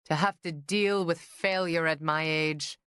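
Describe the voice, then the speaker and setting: A woman's voice: sits low, steady tone, measured pace, fairly bright tone, clean tone, dry recording, clean studio sound. A woman voicing a theatrical, melodramatic older man, an eccentric painter father who bellows and grumbles in an audiobook. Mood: theatrical lament. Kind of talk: audiobook character voice.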